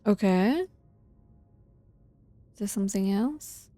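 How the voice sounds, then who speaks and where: A woman with a mellow, warm voice talks casually through a game as she plays. She thinks aloud, hesitates often and laughs lightly under her breath. Faint music sits underneath. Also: mid-range voice, expressive, drawn-out words. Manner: muses aloud while playing, with frequent small laughs and hesitations. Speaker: gaming video host. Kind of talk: casual let's-play commentary, reading game letters aloud.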